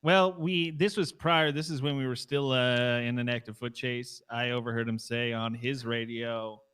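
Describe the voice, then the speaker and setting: A man's voice: mid-range voice, fairly even intonation, moderate pace, fairly bright tone, smooth. A man playing a police officer, politely explaining his actions to a superior during a debrief. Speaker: police officer in role-play. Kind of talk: in-character debrief.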